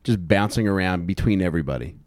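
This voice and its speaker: A man's voice: sits low, expressive, quick pace, a little mellow. A man chiming in with jokes and reactions during a casual podcast chat. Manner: joking, reacting to stories. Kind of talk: casual banter.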